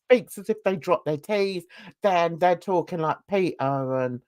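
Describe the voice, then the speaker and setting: A woman's voice: lowish voice, moderate pace, darkish tone, dry recording. An older woman from London, hosting a casual, opinionated and rambling chat. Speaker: host.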